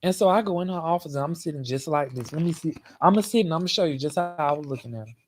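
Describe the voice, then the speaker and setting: A man hosting a show, telling a comic story in a sassy, animated way and speaking straight to the audience. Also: a little high, fast talker, a little hiss or hum. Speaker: show host.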